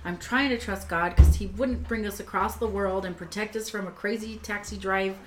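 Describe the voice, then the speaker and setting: A woman's voice: mid-range voice, fairly even intonation, normal speed. A woman telling a personal story in a casual conversation, talkative and emotional, with many fillers and restarts. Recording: echoey room with faint background noise. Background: faint kitchen sounds.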